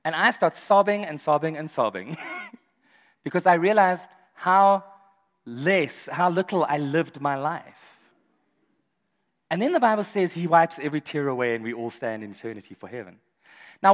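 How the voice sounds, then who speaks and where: Brief: male pastor, animated and funny, high and sing-song, long hall reverb. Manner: animated, humorous, laughs often. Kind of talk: sermon.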